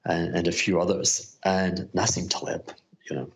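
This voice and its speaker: A man's voice: deep voice, steady tone, normal speed, gravelly. A man telling a loose, chuckling anecdote in a recorded question for a guest. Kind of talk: anecdotal storytelling.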